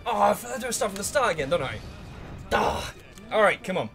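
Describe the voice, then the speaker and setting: In his let's play, a man with a high voice and vocal fry talks at a quick pace over faint background music. Excitable and freely profane, he hums while thinking and shouts at the characters in the game.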